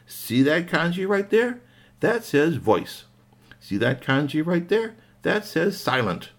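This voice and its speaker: A man voicing a kindly older male robot fixer in a bedtime story, gentle and encouraging. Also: on the high side, sing-song, slow, voice pushed up, exaggerated voice.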